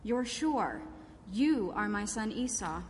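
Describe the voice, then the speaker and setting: A woman's voice: medium pitch, sing-song, darkish tone. Isaac, a woman reading an old solemn father. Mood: tender. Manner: solemn, measured. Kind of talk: dramatic scripture reading. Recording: reverberant church hall.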